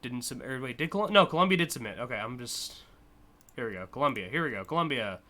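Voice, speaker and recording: A young American man hosting a live stream, rambling in casual commentary with lots of fillers and quick laughs. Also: medium pitch, animated, bright, forceful tone. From United States. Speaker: streamer hosting a community car contest.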